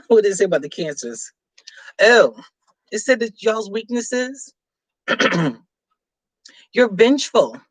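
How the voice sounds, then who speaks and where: A woman's voice: lowish voice, no room sound. A middle-aged woman hosting a live stream, chatting casually and teasing her viewers as she reads their comments, often laughing.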